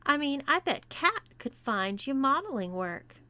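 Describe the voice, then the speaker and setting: A woman voicing a cheerful, bossy young woman who gives eager orders, in a fairly high voice. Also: big pitch swings, measured pace, bright, forceful tone, exaggerated voice.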